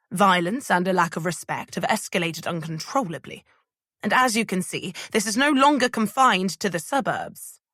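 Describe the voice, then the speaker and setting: A woman's voice: fairly low pitch, fairly bright tone, no echo, studio quality. A woman voicing an ambitious male politician who speaks in a firm, declamatory way. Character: man, ambitious press secretary turned politician, stern.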